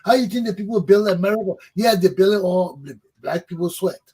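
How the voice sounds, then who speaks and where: A man's voice: sits high, brisk, darkish tone, slightly rough, rough recording. A man, hosting a talk show, delivering a fervent political monologue that preaches, repeats points for emphasis and swears. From Liberia.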